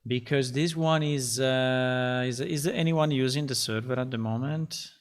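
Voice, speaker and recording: A man who is a game developer, chatting casually on a livestream while he codes, halting and repeating himself with many fillers. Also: mid-range voice.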